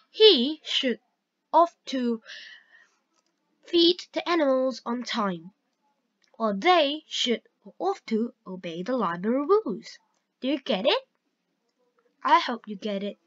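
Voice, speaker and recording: A woman teaching a grammar lesson, reading example sentences aloud slowly and carefully. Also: high-pitched, sharp tone. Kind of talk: slow grammar lesson narration. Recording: dull lo-fi recording.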